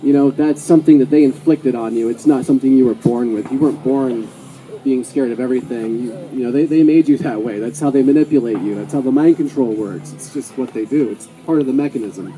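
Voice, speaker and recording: A man's voice: mid-range voice, fairly quick, dark tone, faint music behind, poor audio. A man addressing a gathering outdoors, hesitant and full of fillers as he introduces the next speaker. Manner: hesitant, many fillers and restarts.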